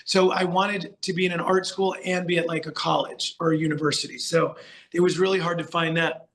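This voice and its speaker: A middle-aged man from the United States, a podcast guest telling stories in a chatty, animated way, full of fillers and restarts. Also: fairly high pitch, brisk. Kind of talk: casual storytelling interview.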